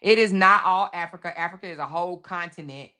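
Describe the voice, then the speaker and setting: A woman's voice: fairly low pitch, quick pace, bright, forceful tone. A woman hosting a casual commentary show, speaking emphatically, repeating her points and talking straight to her viewers. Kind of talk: casual commentary on a viral video.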